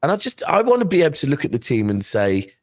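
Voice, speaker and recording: A man's voice: fairly high pitch, wildly swooping pitch, quick pace, no room sound. A man on a football panel show, making his point earnestly with many restarts. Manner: earnest, argues with lots of restarts. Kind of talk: casual panel chat.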